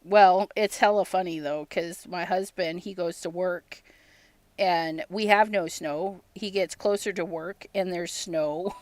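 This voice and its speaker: A woman with a voice on the low side speaks a little slowly, with fairly even intonation, on a dry recording. She hosts a casual crafting livestream, chatting through stories with plenty of laughs, acting out little quotes, and shouting out viewers.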